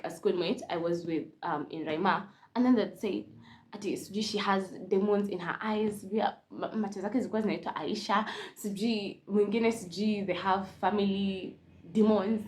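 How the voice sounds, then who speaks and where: A young Kenyan woman telling a casual storytime, switching between Swahili and English, animated and laughing often. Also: mid-range voice, moderate pace. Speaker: vlogger.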